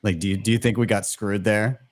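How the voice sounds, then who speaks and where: A man's voice: on the low side, fairly even intonation, fairly quick, no room sound. A man hosting a casual live panel chat, joking and laughing often between questions. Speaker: host of a live audio stream.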